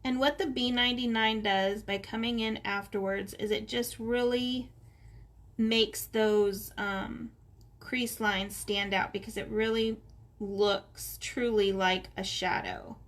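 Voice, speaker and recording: A woman's voice: mid-range voice, slow. A middle-aged woman in her home office, chatting unhurriedly as she gives step-by-step coloring instructions. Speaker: art instructor. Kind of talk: relaxed coloring tutorial.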